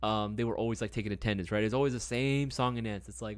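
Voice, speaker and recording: A man's voice: mid-range voice, fairly even intonation, fast, hardly any pauses, dry recording. Laid-back slangy young man, dry sound. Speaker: livestream host. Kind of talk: casual live-stream product chat.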